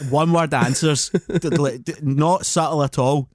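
A man co-hosting a podcast, telling animated, sweary anecdotes and mimicking friends. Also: fairly high pitch, moderate pace, few pauses, no echo, studio quality. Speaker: podcast co-host. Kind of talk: casual storytelling chat.

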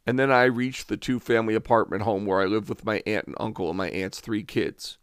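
A man's voice: on the low side, steady tone, fairly quick, clear, resonant tone, no room sound, studio quality. A man in his forties from upstate New York, frankly narrating a true story from his own youth with wry asides. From Albany, New York. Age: 40s.

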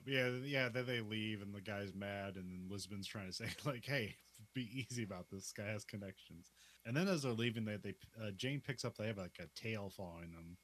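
Laughing, bright-toned man talking TV. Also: lowish voice, a little fast, hardly any pauses. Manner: laughs often, loose chatty retelling. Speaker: podcast co-host. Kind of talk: casual TV recap chat.

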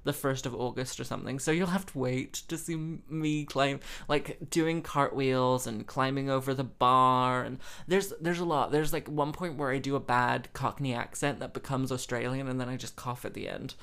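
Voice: mid-range voice, normal speed, vocal fry, hardly any pauses, fairly bright tone, clean tone. A young adult host, from the Midlands, chatting casually in a rambling, self-mocking way full of fillers. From English Midlands. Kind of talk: casual chat.

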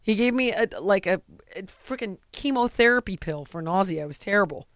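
A woman's voice: mid-range voice, a little fast, no echo, studio quality. A woman in her forties, a TV show creator and star, telling stories expressively in casual chat. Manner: expressive, acts out quotes with shouty kid voices. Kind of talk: animated storytelling chat.

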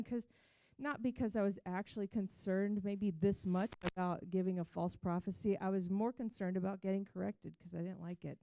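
A woman's voice: mid-range voice, steady tone, normal speed, warm tone, dry recording, low-quality recording. A woman sharing a candid personal testimony, telling her story with frequent restarts and acting out the quotes.

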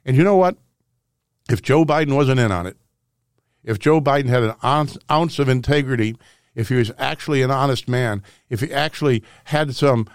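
A man's voice: medium pitch, clean tone, no echo, studio quality. A man in his sixties from St. Louis, Missouri, hosting a political talk radio show in a combative, sarcastic way, with mocking asides. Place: radio studio.

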